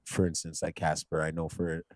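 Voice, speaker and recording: A man answering interview questions casually in a calm, matter-of-fact way. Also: extremely low pitch, normal speed, dry recording. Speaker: interview guest.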